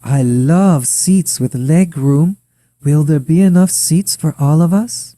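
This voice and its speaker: A soft-spoken wife with a Ukrainian accent, put on by a male narrator in a high voice. She speaks politely and coaxingly, with a calm, subservient manner in a read-aloud story. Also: takes it slowly, dry recording, studio quality. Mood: sweetly coaxing. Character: poised scheming wife of a trillionaire president.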